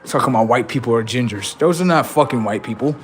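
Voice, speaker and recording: A man's voice: medium pitch, lively intonation, fast, faint music behind. A man hosting a livestream, ranting bluntly and profanely while addressing his audience directly. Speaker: livestream host.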